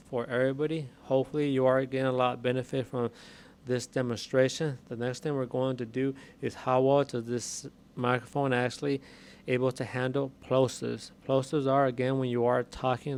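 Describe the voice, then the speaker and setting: A man's voice: medium pitch, darkish tone, smooth. Man casually explaining a mic setup. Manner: plain, conversational, repeats himself while explaining. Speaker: tech reviewer. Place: home room with a window. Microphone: USB dynamic microphone with headset.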